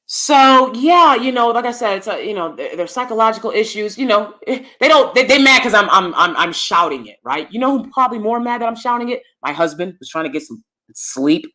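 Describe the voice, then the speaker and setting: A woman's voice: medium pitch, lively intonation, a little fast, pushed and bright. A woman vlogger giving opinionated commentary to her viewers from downstairs at home, emphatic and repeating lines for effect.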